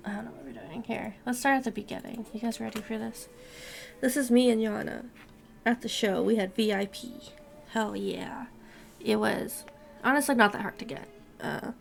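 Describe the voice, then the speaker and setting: A young woman streamer chatting casually and rambling to her viewers, swearing now and then, with a gravelly voice. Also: on the high side, normal speed, faint music behind.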